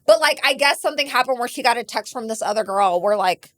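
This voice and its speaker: A woman telling a story on a podcast, animated and acting out the voices of the people in it. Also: on the high side, quick pace. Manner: animated, acts out voices in her stories. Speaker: guest.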